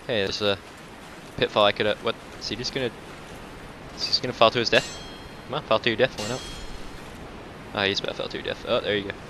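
A man doing casual let's-play commentary, cursing and taunting enemies, dropping to mutters and then breaking into loud outbursts. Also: fairly low pitch, background noise. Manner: profane, talks back to enemies, swings between mutters and outbursts. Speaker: gameplay commentator.

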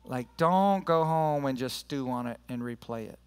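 A male pastor delivers a sermon in a church sanctuary, talking in a relaxed, conversational way. His voice is smooth and resonant, with a middle pitch. He is earnest as he leads his congregation through prayer and scripture. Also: moderate pace, in a large hall.

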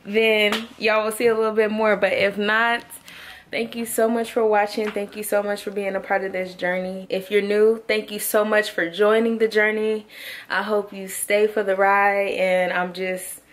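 A woman's voice: mid-range voice, little pitch movement, moderate pace. A woman in her twenties talking at home to her vlog viewers, heartfelt and slangy, addressing them directly. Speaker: vlogger. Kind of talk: casual vlog talk to camera.

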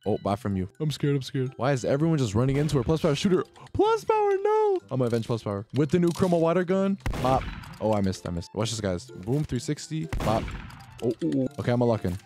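A man, a gaming YouTuber, giving excitable, slangy play-by-play commentary while playing an online game. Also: medium pitch, quick pace, soft background music. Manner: excitable, slangy, keeps saying "bro". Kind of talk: casual gameplay commentary.

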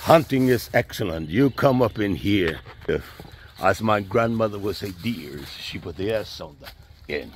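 A man's voice: lowish voice, animated, measured pace. A middle-aged man, a community leader, leading an enthusiastic walking tour outdoors on rural land and repeating himself as he goes. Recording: faint outdoor background noise.

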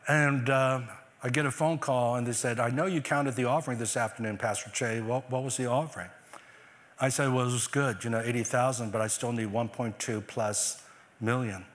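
An older man preaching a sermon as pastor, animated, swinging between loud exclamations and quiet asides. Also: medium pitch. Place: large church hall. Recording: long church hall reverb.

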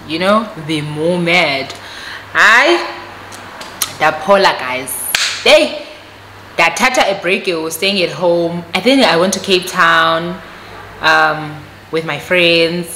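A South African woman telling a story on her vlog, animated and switching between Xhosa and English. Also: lowish voice, takes it slowly, pauses often, slight background noise. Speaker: vlogger. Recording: echoey room recording.

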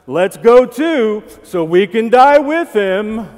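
A man's voice: high-pitched, expressive, takes it slowly, darkish tone, big-room sound, pitched above the performer's own voice. A pastor voicing a sarcastic, doubting male disciple who talks with a snide, eye-rolling tone.

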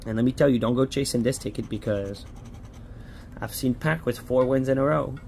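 A man's voice: medium pitch, normal speed, gravelly, darkish tone, a little hiss or hum. Chatty man pleading over lottery tickets. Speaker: scratch-off lottery vlogger. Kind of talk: casual running commentary.

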